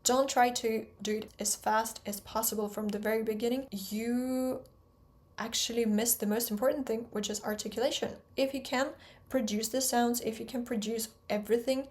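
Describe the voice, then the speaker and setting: A woman with a Russian accent who speaks Russian natively, explaining her own accent-training method in quick, precise steps and stressing example sounds. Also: a little high, steady tone, a little mellow. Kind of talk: explanatory talk to camera.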